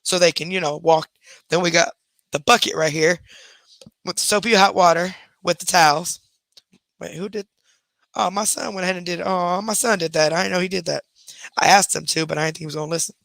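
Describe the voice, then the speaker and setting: A woman's voice: fairly low pitch, fairly even intonation, brisk, creaky, pauses often, a bit bright, no room sound. A woman hosting a casual livestream from home, rambling and chatting with her viewers. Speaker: livestream host. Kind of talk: casual live chat.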